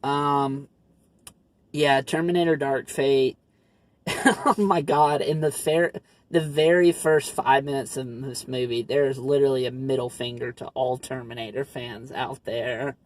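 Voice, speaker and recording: A man's voice: mid-range voice, fairly even intonation, unhurried, no room sound. Blunt sarcastic guy, mid voice. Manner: blunt, sarcastic, hesitant with fillers. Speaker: co-host. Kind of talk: casual movie review chat.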